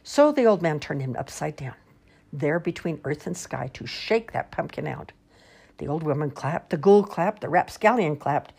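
Expressive husky woman reading a picture book. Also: sits low, normal speed. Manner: sing-song rhyming, expressive. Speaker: storyteller.

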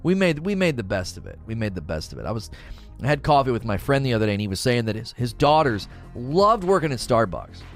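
Animated joking man streamer. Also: medium pitch, fast. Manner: animated, joking, repeats phrases. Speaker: gaming streamer. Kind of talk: casual livestream chat. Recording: faint music behind.

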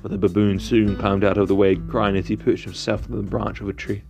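Gravelly man telling a folk tale. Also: lowish voice, flat delivery, fairly quick, hardly any pauses. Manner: gentle storytelling with small slips. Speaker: storyteller host. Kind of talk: read-aloud folk tale narration. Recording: dull lo-fi recording with faint guitar.

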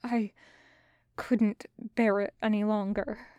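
A woman reads a gentle male alien in a hushed, careful voice for a fan audiobook. The delivery is slow and smooth. The recording is dry and close. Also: fairly high pitch, steady tone, dry recording. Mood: ashamed. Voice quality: soft, hushed. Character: gentle, guilt-ridden male alien captor. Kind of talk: podfic voice acting.

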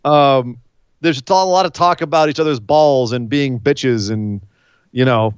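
A man co-hosting a wrestling podcast in casual chat, joking and animated with quick asides. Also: mid-range voice, no room sound, highs cut off.

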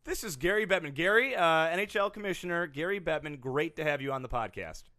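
High-voiced, laughing podcast host. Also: male voice, expressive, fast talker, bright, forceful tone, no echo, studio quality. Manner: laughing, leads the conversation. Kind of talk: comedic banter.

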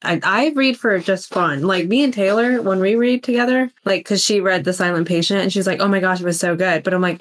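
A woman's voice: mid-range voice, fairly quick, few pauses. A woman co-hosting a book podcast, earnest and indignant, with many filler "likes" in casual chat. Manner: earnest, indignant, uses "like" a lot. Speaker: podcast co-host.

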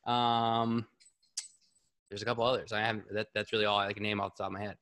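A man hosting a live podcast, talking in a casual, excitable, rambling way and swearing freely. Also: fairly low pitch, fairly quick. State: a bit out of breath. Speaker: podcast host.

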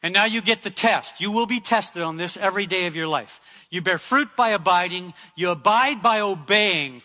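A man preaches a sermon in a high, very bright voice, hammering home repeated phrases. The sound carries a long hall reverb, as if from a church sanctuary. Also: normal speed.

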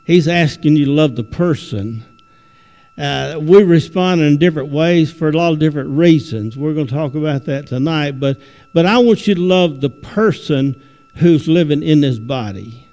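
Man, high-pitched, visiting preacher, folksy sermon, halting restarts, church with long reverb. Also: dark tone. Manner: folksy, repeats words and restarts often. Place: church sanctuary.

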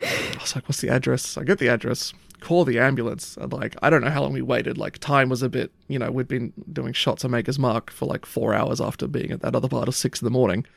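Fast-talking gravelly man. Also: medium pitch, steady tone, dry recording, clean studio sound. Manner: rambling anecdote, frequent swearing and "like". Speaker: storyteller. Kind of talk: casual chat.

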